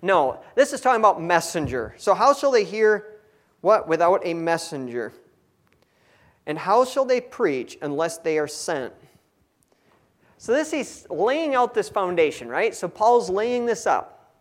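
A man's voice: high-pitched, animated, moderate pace. A man giving a conversational Bible teaching, reading scripture and adding folksy asides. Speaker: preacher.

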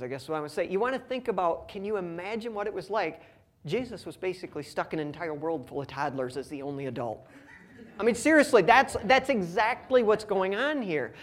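A young man and father giving a conversational, humorous sermon and reading scripture slowly. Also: sits high. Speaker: pastor.

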